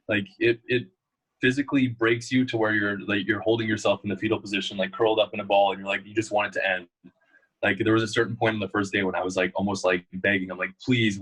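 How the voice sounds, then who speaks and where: A man's voice: fairly low pitch, level tone, quick pace, a bit bright, husky, rough recording. A young man, a guest in a casual interview, telling rambling stories full of fillers. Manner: storytelling, loose and rambling with many fillers.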